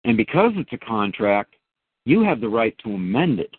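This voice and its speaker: A man's voice: mid-range voice, sing-song, moderate pace, husky, no room sound. Emphatic man on a tinny phone line. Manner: emphatic, addresses listeners as folks. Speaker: host. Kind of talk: casual talk-show commentary.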